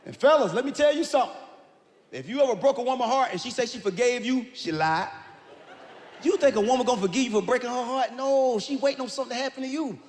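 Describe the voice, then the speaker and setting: A man doing live stand-up comedy, telling stories with animated, playful asides to the crowd. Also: extremely high pitch, fast. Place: large live comedy venue. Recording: reverberant live venue with faint room noise.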